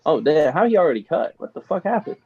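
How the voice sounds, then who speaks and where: A man's voice: fairly high pitch, very animated, quick pace, faint music behind. A man co-hosting a casual fight-watching chat, laid-back and calling his friends "bro". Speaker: podcast co-host. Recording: dull lo-fi mic with faint background noise.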